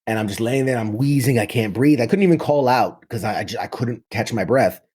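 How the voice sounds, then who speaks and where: A man's voice: mid-range voice, animated, a little fast, a little mellow, breathy edge. A man in his thirties from New York City, a military veteran telling his story in casual talk, full of vivid detail and frequent restarts.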